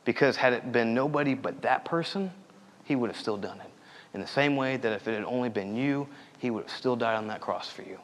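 A man's voice: mid-range voice, fairly quick, in a large hall. A young man preaching a sermon in an earnest, conversational way, telling stories from his own life.

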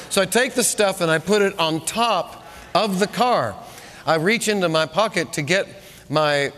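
Pastor guy preaching, high voice, lively story, repeats lines, long echo like a big church. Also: slight background noise. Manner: animated storytelling, repeats phrases for emphasis. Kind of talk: sermon. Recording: long reverb of a large room.

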